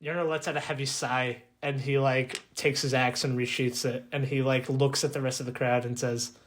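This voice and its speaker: A man's voice: mid-range voice, level tone, moderate pace. A man playing a tabletop game, describing his character's actions casually with fillers. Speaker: player. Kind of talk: tabletop role-play.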